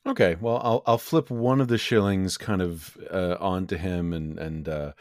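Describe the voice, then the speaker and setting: A man's voice: deep voice, moderate pace, hardly any pauses, no room sound, studio quality. A man speaking casually as a player in a tabletop game, hesitant with fillers. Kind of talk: tabletop role-play chat.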